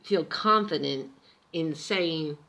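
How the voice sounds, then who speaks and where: An American woman talks to camera in a relaxed, chatty vlog style. Her voice sits a little low, and she muses aloud with the odd filler as she goes. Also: slow. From United States. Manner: chatty, reflective, with some fillers. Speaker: vlogger. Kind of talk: casual talk to camera.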